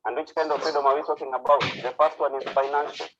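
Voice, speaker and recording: A man's voice: mid-range voice, level tone, quick pace, dull audio, noisy background. A man with a Kenyan accent, a hairstylist, telling his story in a casual speech and slipping in Swahili phrases. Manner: casual, mixing in Swahili phrases, with filler uhs. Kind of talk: personal testimony speech.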